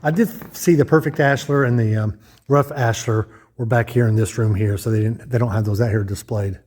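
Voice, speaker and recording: A man's voice: mid-range voice, steady tone, brisk, darkish tone. A man casually narrating a walking tour of a lodge room, thinking aloud with frequent restarts and guesses. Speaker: vlogger touring a lodge.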